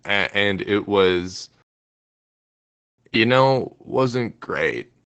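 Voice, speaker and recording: Canadian guy, low voice, casual rambling podcast co-host talking from home over a call mic. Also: animated, drawn-out words, fairly bright tone, smooth, lo-fi sound. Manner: rambling, hesitant, lots of fillers. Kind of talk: casual chat. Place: home room.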